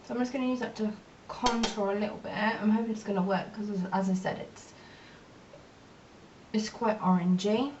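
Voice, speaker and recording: A woman's voice: fairly even intonation, moderate pace. Young woman chatting while doing makeup, dull lo-fi sound, mid voice. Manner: rambling, chatty and self-mocking. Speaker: beauty vlogger. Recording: distant, dull lo-fi mic with faint rumble.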